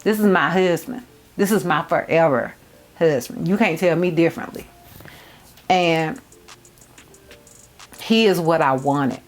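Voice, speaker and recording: A beauty vlogger in her thirties shares a personal story with viewers as she gets ready, heartfelt and repeating phrases for emphasis while calling them "y'all" and "girl." Her low voice moves a little slowly with frequent pauses, and faint music plays behind her.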